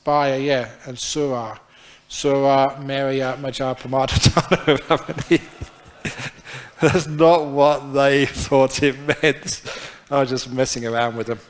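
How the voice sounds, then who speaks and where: A man's voice: mid-range voice, steady tone, takes it slowly. A man, a Buddhist monk teacher, giving a dharma talk and telling stories in a chatty, playful way. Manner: chatty, playful, laughs often. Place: temple hall.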